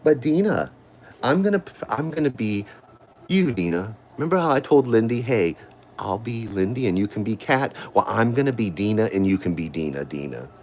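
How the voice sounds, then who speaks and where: A man's voice: on the low side, big pitch swings, normal speed, darkish tone, a little hiss or hum. Sore-voiced man ranting at someone. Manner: confrontational, repeats a name accusingly. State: sore voice from screaming. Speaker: livestream host. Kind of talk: angry livestream rant. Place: at home, indoors.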